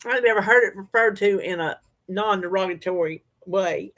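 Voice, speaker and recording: A woman from North Carolina, US, runs a livestream, speaking at normal speed in a medium-pitched, slightly bright voice. Her chat is casual, folksy and easygoing in a Southern style; she replies to viewer comments and laughs easily.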